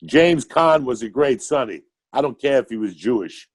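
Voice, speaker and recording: Appearing as a guest comedian, an older man born in Cuba and brought up in New York City spins stories in a podcast chat that's excitable and full of profanity. He has a New York accent, a medium pitch, and a moderate pace.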